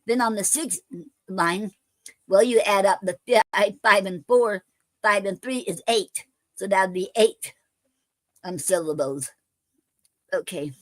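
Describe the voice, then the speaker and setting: A woman with a mid-range, slightly bright voice hosts a poetry show as a casual live-stream chat. The sound is dry and close-miked, with no echo or room sound, and her speech is halting, full of fillers and restarts.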